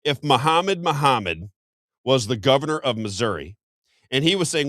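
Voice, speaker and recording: A man's voice: mid-range voice, sing-song, a little fast, fairly bright tone, no room sound, studio quality. A man hosting a political talk show, talking in a heated way with frequent stumbles and restarts. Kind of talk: political commentary.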